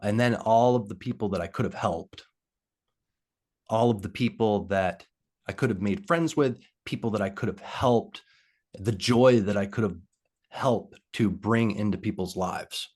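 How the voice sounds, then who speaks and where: A man talking as a guest in a video-call interview, telling a personal story in a halting way with lots of pauses and fillers. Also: fairly low pitch, a little mellow.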